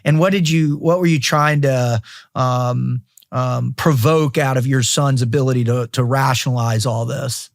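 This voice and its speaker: A man's voice: medium pitch, fairly even intonation, unhurried, vocal fry, no room sound, clean studio sound. A man hosting a podcast, asking rambling questions and eagerly affirming his guest in a casual interview. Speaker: podcast host.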